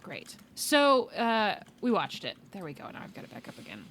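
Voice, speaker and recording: A woman's voice: medium pitch, huge pitch swings, moderate pace, a bit bright, a little hiss or hum. A woman hosting a podcast in casual chat, tired, wry and rambling, with sighs and laughs. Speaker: podcast host.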